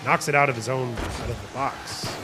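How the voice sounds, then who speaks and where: A man's voice: medium pitch, fairly even intonation, moderate pace, background noise. A man hosting a live online tournament, calling the plays and joking with chat in a playful, hype-driven way. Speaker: tournament host and caster. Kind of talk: live esports play-by-play commentary on a stream.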